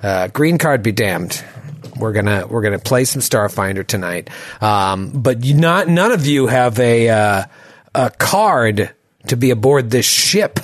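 Animated man running a tabletop game. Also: mid-range voice, a little slow, no echo. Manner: animated, laughs often. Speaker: game master.

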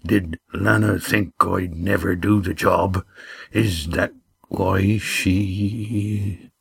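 A man reading a storybook, voicing a gruff, booming middle-aged boat skipper who barks his demands. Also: fairly even intonation, extremely slow, exaggerated voice. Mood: low, hurt.

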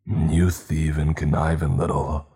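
A man's voice: a bass voice, flat delivery, normal speed, mellow, slightly rough, heavily acted. A man voicing a big, angry father who seethes and growls through clenched teeth. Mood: seething.

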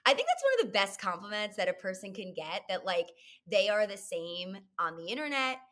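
A woman's voice: mid-range voice, big pitch swings, brisk, fairly bright tone. A young woman guest on a podcast, bubbly and effusive in casual chat.

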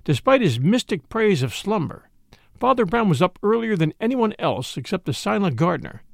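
A man narrating a mystery story aloud in a measured, expressive storytelling manner. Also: high-pitched, gravelly, dry recording, clean studio sound. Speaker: audiobook narrator. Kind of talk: dramatic audiobook reading.

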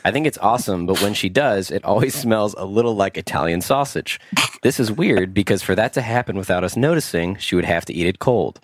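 A man's voice: lowish voice, expressive, a little fast, dry recording. A man co-hosting a podcast, reading listener emails aloud with wry, playful wordplay. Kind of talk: casual chat.

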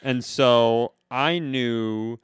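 A man's voice: mid-range voice, very slow, clean tone, dry recording, studio quality. A man with an Upper Midwest American accent co-hosting a comedy podcast, rambling through a story in casual chat and acting out other people's lines. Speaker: podcast co-host.

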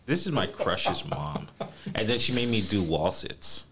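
A man from the US East Coast with a low voice that swings widely up and down. He tells joking stories in a casual podcast chat, with a teasing, animated delivery. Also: a little slow, a little hiss or hum.

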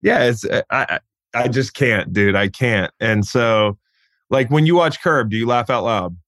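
A man's voice: medium pitch, a little slow, a bit bright, no room sound, studio quality. A man guesting on a podcast, chatting in a laid-back way, swearing and saying "dude" a lot. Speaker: podcast guest, former football player. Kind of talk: casual chat.

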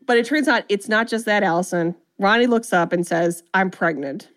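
A woman's voice: medium pitch, expressive, moderate pace. A woman co-hosting a podcast, animatedly retelling a film's plot and acting out the characters' lines in casual chat. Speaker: podcast co-host. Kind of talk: casual movie recap chat.

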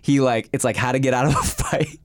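A young man co-hosting a podcast, telling stories casually and loudly acting out the voices he quotes. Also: mid-range voice, steady tone, a little fast, no echo, studio quality. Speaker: podcast co-host. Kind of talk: casual storytelling.

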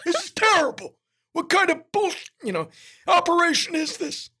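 A gravelly, barking giant of a boss. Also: male voice, extremely high pitch, very animated, moderate pace, voice pushed up, full character voice. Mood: angry shouting. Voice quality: gravelly, sounds chewed on nails. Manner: barking, yelling. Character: gruff giant older man bossing a film set. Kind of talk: impression in a story.

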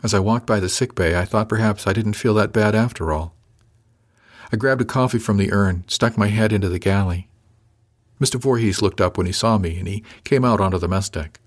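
A man's voice: on the low side, fairly quick. A man reading a first-person audiobook in a matter-of-fact way. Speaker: narrator.

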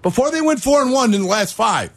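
Man, sports radio co-host, mock-outraged ribbing, lively up-and-down pitch, dry close sound. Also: quick pace, no room sound. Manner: teasing, ribbing his partner with mock outrage. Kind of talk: sports talk radio banter.

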